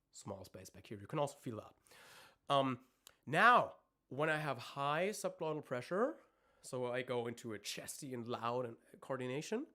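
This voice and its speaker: A man's voice: medium pitch, a bit bright. A man giving a live-streamed vocal lesson, explaining technique in detail and breaking into sung notes and screamed demonstrations. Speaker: vocal coach.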